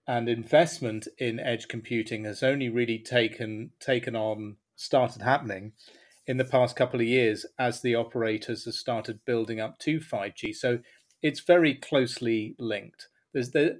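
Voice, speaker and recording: A man, a podcast guest, answers thoughtfully, often repeating words and restarting as he thinks. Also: mid-range voice. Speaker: podcast guest, industry analyst. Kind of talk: conversational expert answer. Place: London.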